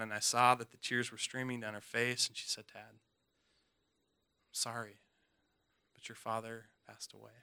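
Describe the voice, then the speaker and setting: A man telling a personal story in an earnest, halting way, with many restarts, his voice dropping soft at emotional moments. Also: medium pitch, clear, resonant tone.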